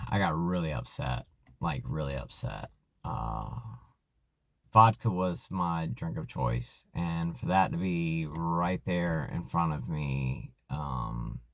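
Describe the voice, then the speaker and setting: A man telling a personal story in a vlog, halting and earnest, with many fillers and restarts. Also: a bass voice, vocal fry, dry recording. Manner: candid, emotional retelling. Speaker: vlogger in alcohol recovery.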